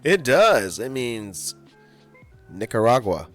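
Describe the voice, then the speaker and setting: A man's voice: mid-range voice, animated, moderate pace, a bit bright, faint music behind. Joking man in loose podcast banter. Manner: joking, self-mocking, playful banter. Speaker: podcast co-host. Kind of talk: casual chat.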